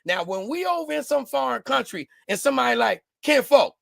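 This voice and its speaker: Animated, gravelly man telling stories. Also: extremely high pitch, fast, dry recording, studio quality. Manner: animated storyteller, doing voices. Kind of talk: casual chat.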